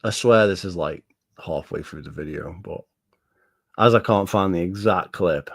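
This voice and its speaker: A man's voice: low voice, normal speed, creaky, no echo, clean studio sound. A man, a gaming YouTuber ranting angrily and profanely, repeating himself as he reacts to a video. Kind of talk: angry reaction rant.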